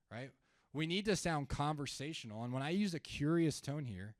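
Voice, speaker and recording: A man's voice: fairly high pitch, animated, fairly quick, dry recording, clean studio sound. A man giving a live sales training talk, conversational, asking the room questions and acting out calls with sellers. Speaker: sales trainer speaking at an event.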